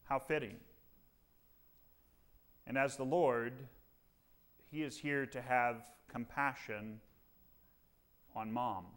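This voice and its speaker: Slow, emphatic male preacher. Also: mid-range voice, a bit bright. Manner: dramatic, rhetorical questions with slow emphatic pauses. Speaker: pastor. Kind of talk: sermon.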